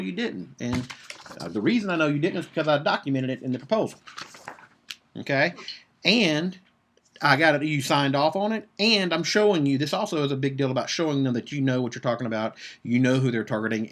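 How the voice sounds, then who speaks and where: A man's voice: a little high, fairly bright tone. A man coaching agency owners in a live video session, blunt and profane, driving his points home with repeated "okay?". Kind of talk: Facebook Live business coaching talk.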